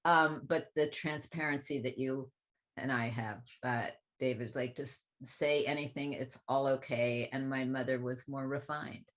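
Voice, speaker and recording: A woman with a notably low speaking voice talks through a personal memory in easy conversation. She is reflective and thoughtful, then turns lively whenever she quotes someone else. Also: measured pace. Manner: reflective, animated when quoting others. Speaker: guest speaker on spiritual teaching. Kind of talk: conversational storytelling.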